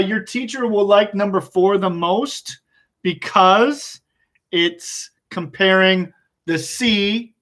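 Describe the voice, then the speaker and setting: A male English teacher giving an online class, explaining slowly and patiently and chuckling often. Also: sits high, fairly bright tone.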